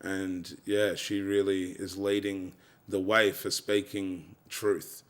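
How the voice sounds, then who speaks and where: A low-pitched man with an Australian accent speaks as an interview guest. His talk is loose and blunt, with swearing and constant "you know" fillers, in an easy conversational flow. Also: level tone, slow pace. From Tasmania, Australia.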